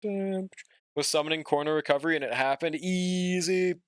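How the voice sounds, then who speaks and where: A young man streaming a game speaks at a moderate pace in a slightly high, clean-toned voice, sounding sleepy and yawning. Laid-back and drawling, he swears a lot while chatting casually and reading and answering chat. The recording is dry.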